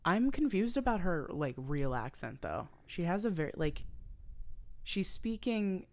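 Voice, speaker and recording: A woman's voice: fairly low pitch, a little slow. A young adult woman co-hosting a podcast, chatting casually and animatedly about a movie. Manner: chatty, animated, quotes film lines in put-on voices. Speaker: podcast co-host. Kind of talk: casual chat.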